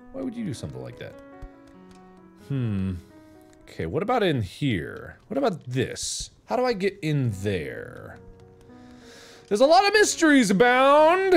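A man commentating a video game playthrough in a goofy, taunting way, swinging between loud shouts and mutters. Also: high voice, gravelly. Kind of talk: let's play commentary.

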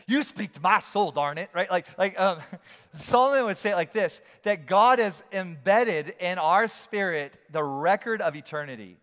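High-voiced pastor preaching in a reverberant hall. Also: male voice, normal speed. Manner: animated, acts out voices with shouts. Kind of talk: sermon.

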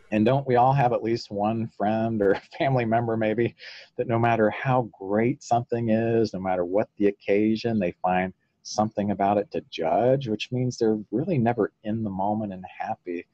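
A man's voice: lowish voice, no echo, highs cut off. A man, a psychologist guest in an interview, explaining ideas through stories and often chuckling. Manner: relaxed storyteller, acts out quotes, chuckles often.

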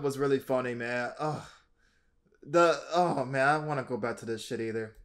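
Young guy reacting to memes, bright voice that jumps all over, laughs a lot. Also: medium pitch, moderate pace. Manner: laughing, excitable, swears casually. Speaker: reaction video host. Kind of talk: casual reaction commentary.

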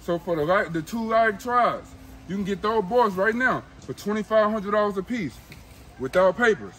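Hyped high-voiced man selling puppies. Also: expressive, normal speed, bright, forceful tone, low-quality recording. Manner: hyped, repeats himself, slangy street talk. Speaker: dog breeder. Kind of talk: casual sales video.

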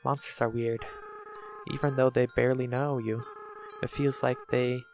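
A man reading the lines of a remorseful young goat-monster boy prince from a game, slowly and apologetically. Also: medium pitch, level tone, a little mellow, soft background music, close to an everyday voice. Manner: slow, tearful, apologetic reading. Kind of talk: reading game dialogue aloud.

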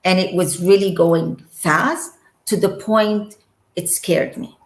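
A woman's voice: lowish voice, steady tone. A woman telling of her near-death experience as a guest, in an earnest way and acting out the words spoken to her. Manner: earnest, slow storytelling that acts out remembered dialogue. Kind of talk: personal testimony. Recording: echoey room.

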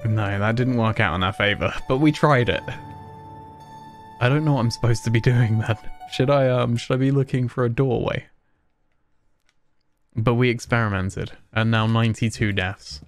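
A gaming streamer with a mid-range voice offers casual let's-play commentary at a moderate pace. He rambles, pokes fun at himself and chuckles often, with soft music playing underneath.

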